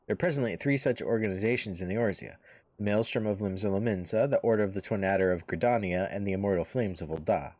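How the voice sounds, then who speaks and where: A man voicing a composed woman who leads a heroes' order, reading game dialogue aloud in a formal, measured way. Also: lowish voice, a little mellow, no room sound, close to an everyday voice. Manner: formal, measured storybook delivery.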